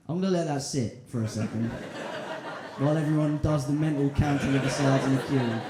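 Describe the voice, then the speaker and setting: A man's voice: medium pitch, fairly quick, noisy background. A man doing a stand-up set in a comedy club, rambling, crude and self-mocking as he banters with the crowd. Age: 20s. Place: comedy club in central London. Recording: roomy club with crowd laughter.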